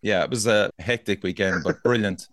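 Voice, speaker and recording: A man's voice: lowish voice, moderate pace, dry recording. Sweary Cork Irishman telling a story. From Ireland. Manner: swearing, animated anecdote-teller. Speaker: podcast host. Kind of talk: casual storytelling chat.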